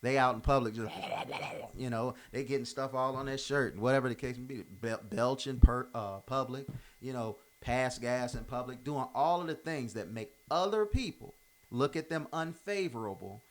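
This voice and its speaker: A man's voice: mid-range voice, moderate pace. A man giving an unscripted motivational monologue, emphatic and informal, often repeating himself and restarting phrases. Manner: informal, drops verbs. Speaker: commentator giving life advice.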